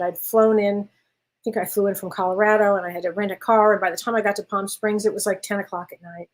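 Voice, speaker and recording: A middle-aged woman, a spiritual medium hosting her show, telling a personal story in casual chat and acting out the dialogue. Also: medium pitch. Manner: animated anecdote teller who acts out dialogue.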